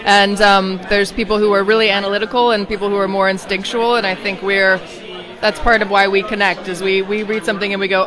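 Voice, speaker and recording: An actor talking in a reflective, relaxed way at an outdoor premiere interview, trailing off quietly at times. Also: mid-range voice, fairly quick. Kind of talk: red carpet interview. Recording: busy crowd noise behind.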